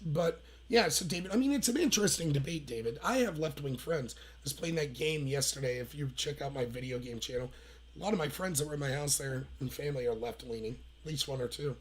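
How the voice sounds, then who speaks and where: A man in his thirties hosts a commentary stream with a somewhat high voice. He tells his stories in a heated, sarcastic way, full of scorn. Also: brisk. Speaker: political commentary host. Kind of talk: opinionated livestream commentary.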